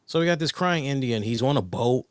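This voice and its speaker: A man co-hosting a podcast, telling stories in a rambling, excitable way with lots of fillers and swearing. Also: mid-range voice, brisk, smooth, dry recording, studio quality. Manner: rambling, excitable, profane storytelling. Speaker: podcast co-host. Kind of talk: casual chat.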